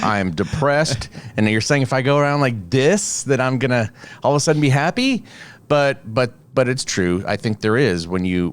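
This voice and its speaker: A man co-hosting a podcast, chatting casually and acting out little scenes as he talks. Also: medium pitch. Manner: animated storyteller, acts out quoted voices. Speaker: podcast co-host. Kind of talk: casual chat.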